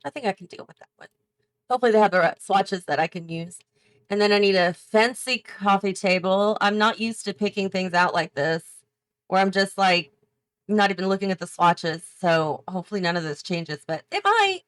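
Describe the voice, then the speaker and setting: A woman's voice: mid-range voice, lively intonation, normal speed, no echo. A woman hosting a gaming channel, chatting and thinking aloud as she builds, often correcting herself. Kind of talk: casual build commentary while playing.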